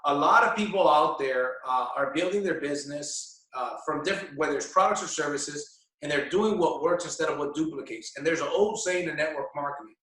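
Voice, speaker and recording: A man's voice: a little high, a little fast, a bit bright. A man, a guest in an interview, explaining his ideas casually and hesitantly, with lots of fillers. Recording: echoey room, distant mic.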